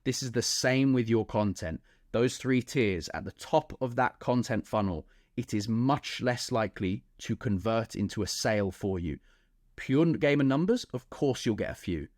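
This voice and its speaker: A man's voice: mid-range voice, darkish tone, no echo, clean studio sound. A young man coaching other coaches in a casual teaching monologue, often checking in with "right?" and "okay?". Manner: chatty, keeps asking "right?" and "okay?".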